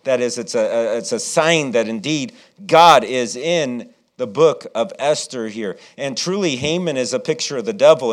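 A middle-aged man preaching a sermon and telling a childhood story, animated and acting out what people said. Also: mid-range voice. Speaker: pastor.

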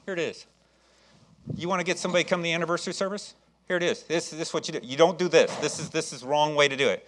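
A man's voice: a little high, quick pace, pauses often. A man preaching a sermon, telling stories with lots of fillers and repeated words, then rising in enthusiasm as he urges his listeners on. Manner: storytelling, acts out voices, jokes with the congregation; enthusiastic preaching, rising loud when exhorting. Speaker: pastor.

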